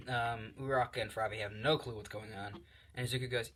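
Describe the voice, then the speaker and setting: A man's voice: lowish voice, steady tone, fast, a bit bright. A young man casually making up a fan story as he goes, rambling with lots of fillers and the odd swear word.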